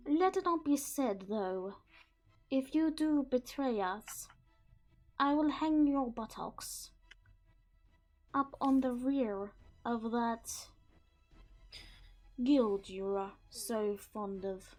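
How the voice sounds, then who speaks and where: A cold, deliberate elf lord speaks with a thick accent, weighing every word in slow, formal menace, as a woman puts him on. The voice sits a touch high. Faint music plays underneath. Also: a little mellow. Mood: threatening. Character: scheming male elf noble, thick French-like accent.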